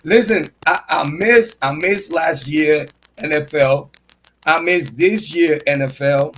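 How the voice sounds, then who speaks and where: A man with a high-pitched voice talks on a casual livestream in a boastful, swaggering way, full of street slang. A faint hiss sits under his voice. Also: slow pace, a bit bright, rough recording. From Puerto Rico. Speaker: true crime and sports commentary host.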